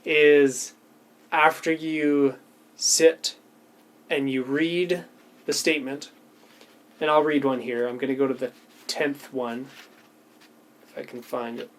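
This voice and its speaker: A man talking reflectively to camera about a personal practice, thoughtful and halting, often restarting his sentences. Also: medium pitch, steady tone, slight background noise. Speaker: video creator sharing a personal practice. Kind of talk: reflective casual talk to camera.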